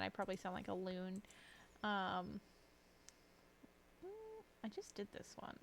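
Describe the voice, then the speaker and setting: A woman's voice: medium pitch, slight background noise. Sleepy young woman rambling on stream. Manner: chatty, self-deprecating, drifting train of thought. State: sleepy, yawning. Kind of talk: casual rambling stream chat. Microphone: desk mic.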